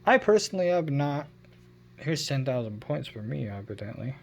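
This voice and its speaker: A man's voice: medium pitch, big pitch swings, normal speed, gravelly, a little hiss or hum. Rambling casual tech vlogger, man. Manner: rambling, self-correcting, unsure of his numbers. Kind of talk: casual phone review.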